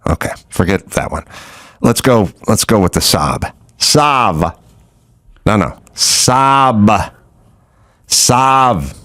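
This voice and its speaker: Middle-aged male host, rambling and exasperated, lively swooping delivery. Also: sits low, moderate pace, dry recording, clean studio sound. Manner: rambling, exasperated, does voices in stories. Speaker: podcast host. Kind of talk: casual podcast chat.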